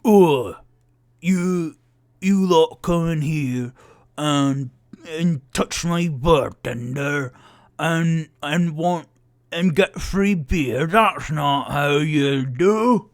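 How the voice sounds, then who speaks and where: A man voicing a grumpy, belligerent male dwarf bar patron who shouts gruff insults. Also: a little high, drawn-out words, dry recording, clean studio sound. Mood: angry shouting.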